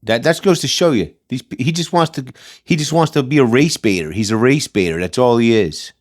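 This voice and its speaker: A man's voice: mid-range voice, expressive, a little fast. A man hosting a commentary channel, ranting in a blunt, combative, slangy way and repeating his points. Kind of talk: casual commentary rant.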